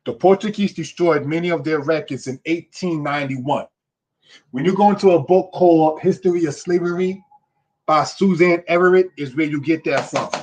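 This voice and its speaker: Husky preacherly man teaching history. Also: a little high, moderate pace, a little mellow. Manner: repeats "you understand?" and "brothers and sisters"; emphatic, preacherly. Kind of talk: history lesson.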